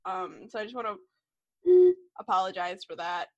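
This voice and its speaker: A woman's voice: mid-range voice, normal speed, sharp tone, dry recording. A woman co-hosting a podcast, chatting casually and wryly while drinking a beer. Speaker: podcast co-host.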